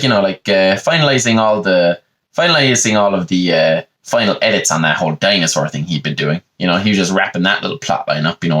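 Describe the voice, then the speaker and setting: A man's voice: deep voice, fairly bright tone. A man hosting a comedy podcast, telling a rambling, profane comic story in a casual conversational way.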